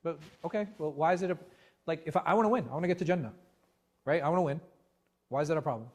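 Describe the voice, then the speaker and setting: A man leading a religious class discussion as imam, animated and full of rhetorical questions, often restarting his words. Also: on the high side, rapid-fire. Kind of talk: interactive religious class talk. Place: mosque class room.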